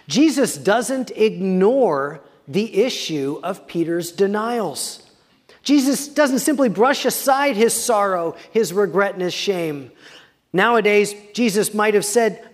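A man with a high voice delivers a sermon from the pulpit. He reads scripture slowly, dropping into quiet, dramatic pauses. His voice carries a long reverb from a church sanctuary. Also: lively intonation. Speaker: pastor.

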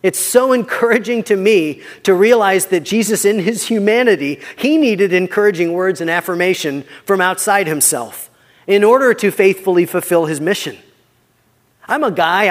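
A long hall reverb carries the words of a pastor preaching in church, a man whose voice is fairly high. His delivery is earnest and conversational, and he frequently lowers his voice softly for emphasis.

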